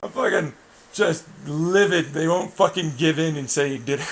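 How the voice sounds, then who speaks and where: This young man's voice is fairly high and creaky, and he speaks unhurriedly. Chatting casually about racing, he gets animated, curses a lot, laughs often, and quotes others in mocking voices.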